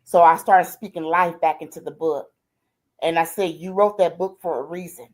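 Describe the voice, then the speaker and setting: A fairly low, slightly mellow voice belongs to an older woman speaking at a moderate pace with fairly even intonation. The grandmother is a guest on a streamed interview, relating her life with heartfelt, everyday language and many an "I said" and "she said."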